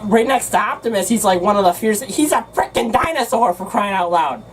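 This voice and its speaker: A woman's voice: medium pitch, lively intonation, fairly quick, a little hiss or hum, rough recording. A woman co-hosting a casual film review, exasperated and emphatic, laughing often. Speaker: co-host.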